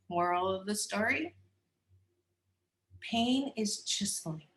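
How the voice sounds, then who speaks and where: A woman who is a psychologist and coach, a guest on a podcast interview, telling personal stories in a candid, animated, expressive way. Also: medium pitch, a little slow, echoey room. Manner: animated, expressive, acts out voices, laughs often.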